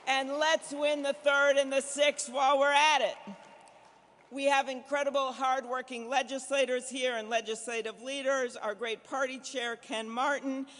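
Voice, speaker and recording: A woman's voice: high-pitched, flat delivery, fairly bright tone. Rousing woman politician in an echoing hall. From Minnesota, USA. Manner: rousing, punchy applause lines with a repeated refrain, shifting to brisk anecdote. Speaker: senator giving a keynote. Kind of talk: political fundraiser dinner speech. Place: large banquet hall. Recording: reverberant hall sound.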